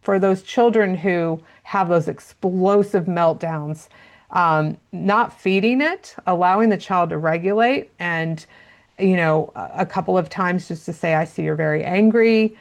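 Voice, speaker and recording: A woman's voice: fairly low pitch, measured pace. A woman answering interview questions as a parenting expert, explaining at length with frequent fillers.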